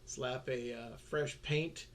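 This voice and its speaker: A man co-hosting a podcast in casual chat, steady and steering the talk, with dry humor and many fillers. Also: medium pitch, slow. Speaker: podcast co-host.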